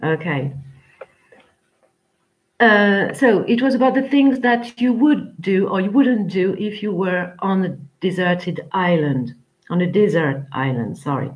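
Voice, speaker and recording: A woman teaching an English class online, chatty and rambling, with frequent pauses as she talks to her students. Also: mid-range voice, low-quality recording.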